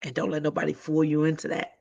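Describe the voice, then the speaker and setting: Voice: mid-range voice, monotone, fast, creaky, a little mellow, lo-fi sound. A livestream host giving heartfelt advice in a casual, emphatic way, talking straight to viewers with colloquial slang. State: voice cracking.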